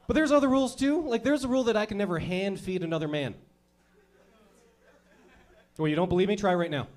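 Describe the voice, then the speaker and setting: A man's voice: sits high, brisk, a little mellow. A man doing a crude, brash stand-up comedy routine, acting out little scenes as he goes. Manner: crude, brash, acts out characters.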